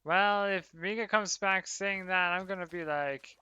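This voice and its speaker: Male streamer, slightly high voice, tense and bright tone, casual commentary to chat. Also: unhurried, clean tone, dry recording, muffled recording. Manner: chatty, talks to viewers, laughs often. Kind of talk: casual livestream commentary while gaming.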